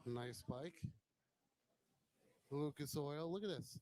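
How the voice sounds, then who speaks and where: A man's voice: on the high side, takes it slowly, darkish tone, poor audio. A man hosting a motorcycle vlog, walking around a bike show with a handheld camera and giving casual, admiring commentary on each bike, now and then swearing bluntly. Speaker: motovlog host.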